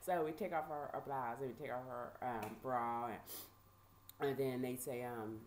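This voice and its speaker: A woman vlogger casually telling a personal story, animated and conversational with lots of fillers. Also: very deep voice, moderate pace, slight background noise.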